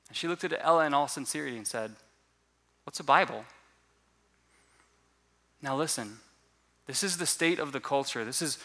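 A man preaching a sermon as a pastor, telling a personal testimony in an animated way and often repeating words as he restarts. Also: medium pitch.

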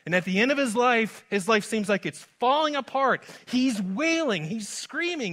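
A man preaching a sermon as pastor, moving from hushed lines to loud, urgent ones. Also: very high-pitched, lively intonation, normal speed, few pauses. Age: adult father. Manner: dynamic preaching, swings from soft to loud.

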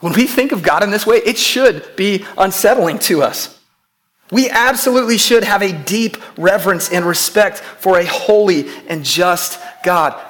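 A man with a high, fairly bright voice preaches a sermon to his church. He speaks emphatically, repeating key phrases and asking the congregation questions.

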